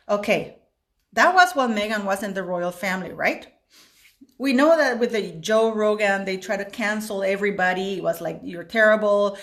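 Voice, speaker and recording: A woman's voice: mid-range voice, a bit bright. A woman talking straight to her small video camera in a casual opinion vlog. She is chatty and opinionated, and she rambles with many restarts. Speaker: vlogger commenting on celebrity news.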